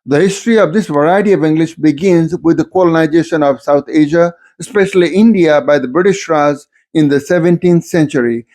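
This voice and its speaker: A man's voice: sits high, darkish tone. A man giving a recorded lecture on varieties of English, explaining steadily and stopping to give spoken examples.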